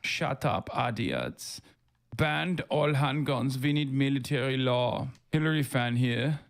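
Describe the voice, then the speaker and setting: A man hosting a casual livestream, reading viewer comments aloud in a mocking tone and laughing often between quick asides. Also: medium pitch, expressive, gravelly. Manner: reads chat messages in a mocking tone, laughs often, fast asides. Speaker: livestream host.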